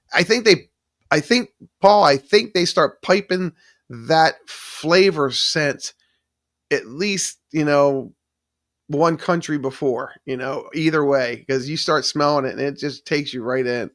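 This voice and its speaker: A gravelly-voiced man hosting a casual live stream, rambling through his story, often restarting his sentences and thanking chat viewers by name. His voice is recorded close and dry, with little room sound. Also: mid-range voice, fairly bright tone, no echo. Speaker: livestream host.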